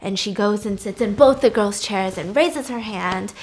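A young woman casually retelling a movie's plot, chatty and acting out the characters' lines in quick put-on voices. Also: mid-range voice. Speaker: movie recap host. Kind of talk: casual movie recap storytelling.

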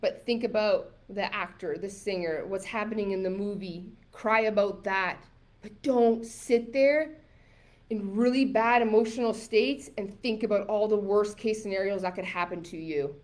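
Casting: woman, live masterclass coach, chatty and emphatic, mid pitch. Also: moderate pace, darkish tone. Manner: chatty and emphatic, many likes and rights; reads viewer comments aloud.

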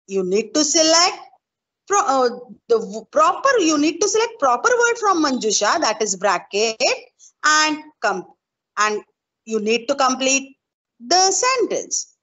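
Slow, lively-voiced Indian woman teacher. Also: high-pitched, lo-fi sound. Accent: Indian English. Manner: patient, repeats answers step by step. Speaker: school teacher. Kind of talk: online class lesson.

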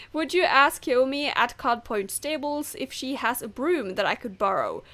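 A woman's voice: sits high, expressive, normal speed, hardly any pauses, pushed and bright. A woman who is not a native English speaker, chatting casually over gameplay and laughing off her own misreads. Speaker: gamer.

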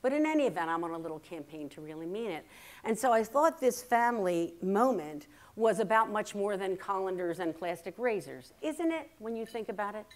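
A woman in her fifties giving a keynote speech, telling family stories in a lively, chatty, self-deprecating way that turns earnest and reflective at times. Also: mid-range voice, a little fast. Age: 50s. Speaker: keynote speaker. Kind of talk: humorous storytelling speech. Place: stage at a writers' workshop, before a live audience.

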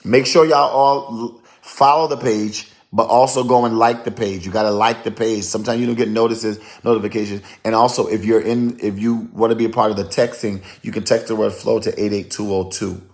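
A man, a prophetic minister chatting on a live stream, lively and chatty as he calls out viewers' names and places. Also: on the low side, fairly quick. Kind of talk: casual live-stream chat greeting viewers.

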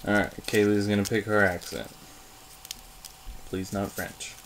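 A man's voice: on the low side, flat delivery, a little slow, a little hiss or hum. A young man hosting a casual date vlog, talking in a hesitant way and stumbling over repeated words. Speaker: vlogger host.

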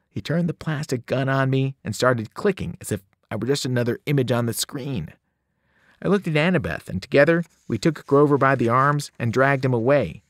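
A man, a teacher, reading a novel aloud with expressive storytelling. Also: no echo, studio quality. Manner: expressive storytelling, varied pitch. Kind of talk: audiobook read-aloud.

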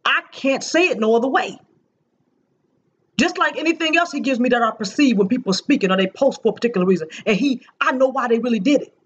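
A woman with a husky, breathy voice delivers an earnest sermon about a prophetic dream. She leans hard on key phrases and comes back to them again and again. The sound is dull and lo-fi, with the top end rolled off. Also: a little high, fast talker. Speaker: apostle and prophetic preacher.

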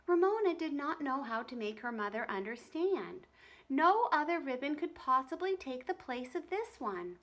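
A woman's voice: high-pitched, very animated, moderate pace, a bit bright. A woman reading a storybook aloud to children, asking them friendly questions. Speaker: reader for children.

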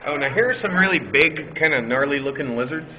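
A man's voice: fairly high pitch, lively intonation, brisk, crowd noise. A man casually narrating a zoo visit for a live stream, joking playfully about the animals as he walks along. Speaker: vlogger filming a zoo visit. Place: zoo reptile house. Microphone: phone camera. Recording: echoey, muffled phone stream with noise.

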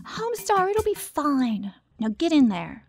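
A woman's voice: sits high, huge pitch swings, measured pace, loud music behind the voice, full character voice. A woman voicing a bossy young cartoon girlfriend. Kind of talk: cartoon voice acting.

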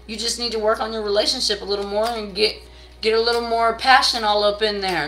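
Bright-voiced blunt tarot reader woman. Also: steady tone, fast talker, rough recording. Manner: blunt and profane, scolding viewers; pushy sales pitch. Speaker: tarot reader doing a live stream. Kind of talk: casual live tarot reading.

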